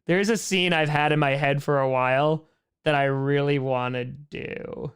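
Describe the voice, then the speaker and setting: Male host, casual Q&A, slightly high and smooth, chatty. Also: a bit bright. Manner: chatty, repeats phrases, reads questions aloud. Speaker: host answering viewer questions. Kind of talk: casual livestream Q&A.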